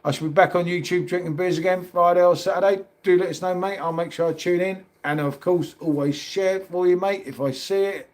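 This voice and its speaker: A middle-aged man with a London accent hosts a casual livestream, greeting viewers and answering their comments. He talks in a chatty, matey way and calls everyone mate. His voice sits a little on the high side for a man. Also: fairly even intonation, fairly quick, few pauses, a little mellow. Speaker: livestream host. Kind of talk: casual live chat reading comments.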